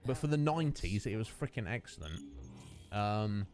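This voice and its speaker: A man's voice: fairly low pitch, lively intonation, normal speed, a little mellow, faint music behind. A man streaming a video game, chatting casually and rambling through a rant with lots of fillers. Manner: rambling, ranting, many fillers.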